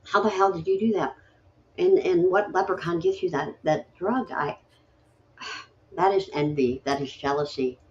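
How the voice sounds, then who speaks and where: A woman's voice: on the low side, unhurried, muffled recording, a little hiss or hum. A woman hosting a late-night poetry stream, chatting casually in a rambling, grumbly, self-deprecating way. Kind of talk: casual chat.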